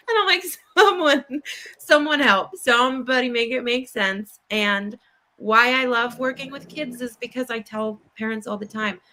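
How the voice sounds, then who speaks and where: A woman's voice: on the high side, a little hiss or hum. A young woman, a child therapist, talking casually as an interview guest and animatedly acting out what kids say. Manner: animated, acts out kids' voices with laughs.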